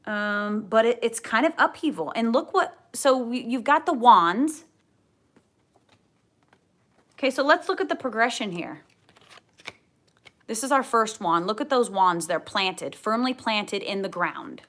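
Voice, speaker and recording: A woman giving a tarot card reading to camera, gentle and earnest, often repeating her key phrases. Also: a little high, lively intonation, normal speed. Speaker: tarot reader.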